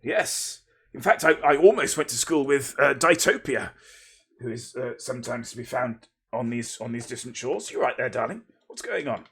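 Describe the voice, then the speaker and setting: Gravelly, husky man chatting on stream. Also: mid-range voice, lively intonation, moderate pace, fairly bright tone. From Lincolnshire, England. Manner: rambling, playful, self-interrupting, thanks viewers. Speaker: livestream host. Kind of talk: casual livestream chat.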